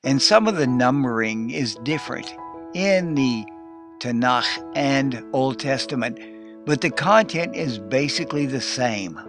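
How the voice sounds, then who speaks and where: A man teaching a recorded Hebrew class, explaining plainly and slowing down to sound out Hebrew words. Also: mid-range voice, animated, music in the background. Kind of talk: recorded lesson.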